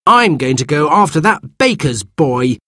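A man's voice: on the high side, very animated, measured pace, fairly bright tone, no room sound, clean studio sound, pitched above the performer's own voice. A man voicing a young boy who becomes a giant, in a raised childish voice. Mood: determined.

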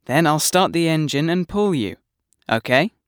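A man's voice: a little high, lively intonation, normal speed, clear, resonant tone, no room sound, studio quality, lightly acted. A man reading an everyday adult man. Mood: plain. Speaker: dialogue actor in a listening exam. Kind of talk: scripted dialogue reading.

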